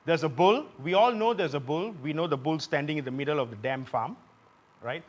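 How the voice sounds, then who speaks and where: A man's voice: fairly high pitch, a little fast. Malaysian man hosting a satirical stand-up set. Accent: Malaysian English. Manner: punchy, shouts punchlines. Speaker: comedy show host. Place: live theatre stage. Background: audience laughter.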